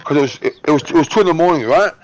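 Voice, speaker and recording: A man in his thirties with an Australian accent, loudly telling a story on voice chat while gaming, swearing heavily. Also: on the high side, racing. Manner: loud, excitable, heavy swearing. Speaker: gamer on voice chat. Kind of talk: casual chat telling a story mid-game.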